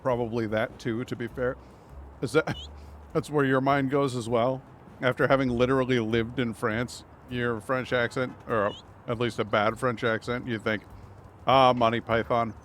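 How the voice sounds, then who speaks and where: Streaming a video game, this man keeps up casual, playful commentary, reads dialogue out loud and slips into goofy character voices. He speaks at a moderate pace in a steady, mid-range, fairly bright voice, with slight background noise.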